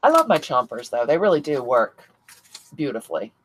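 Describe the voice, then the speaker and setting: Low-voiced lady doing a craft livestream, chatty, reads comments out to folks, bit of hiss. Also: big pitch swings, normal speed, rough recording. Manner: chatty, laughs often, answers viewers by name. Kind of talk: casual livestream chat reading viewer comments.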